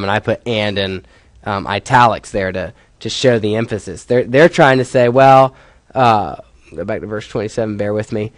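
A man's voice: on the low side, normal speed, no room sound. A male professor giving a classroom lecture, explaining step by step and putting questions to his students.

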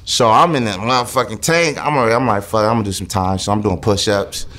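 A man's voice: lowish voice, fast, fairly bright tone. A man telling a jail story in an interview, swearing freely and acting out the voices of guards and inmates. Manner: swearing, acts out voices in quotes. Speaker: interview guest. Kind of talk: animated storytelling.

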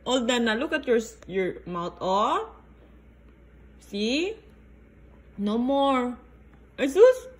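A woman's voice: a little high, sing-song, extremely slow, pauses often, husky. A young mother talking to her baby at home over lunch, in sing-song baby talk with frequent laughter. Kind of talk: baby talk while feeding.

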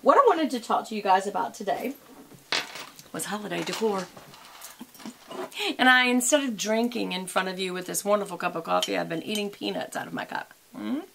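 A woman's voice: mid-range voice, brisk, vocal fry, noisy background. A middle-aged woman, chatting casually and rambling in a makeup and lifestyle vlog. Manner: chatty, rambling, talks while applying makeup and eating. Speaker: beauty and lifestyle vlogger.

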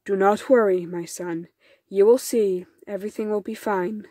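An earnest, worried village cobbler pleading for help for his sick son, as a woman reads him aloud. The voice sits fairly high and sounds close and dry. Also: normal speed, no echo. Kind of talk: storybook reading.

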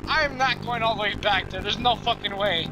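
This is casual let's-play talk from a gameplay host who addresses viewers directly and swears a lot when exasperated, which comes on quickly. The voice sits in the mid range over a noisy background.

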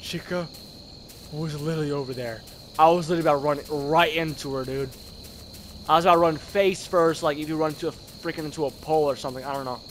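A man with a worn, hoarse voice giving excitable, slangy gameplay commentary, yelling at scares and muttering between them. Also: a little high, fast talker, slight background noise. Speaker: gaming video creator.

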